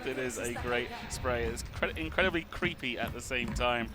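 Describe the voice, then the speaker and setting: A man giving color commentary on an esports match, chatty and quick to laugh. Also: mid-range voice, over music. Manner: chatty, laughs easily, animated recaps.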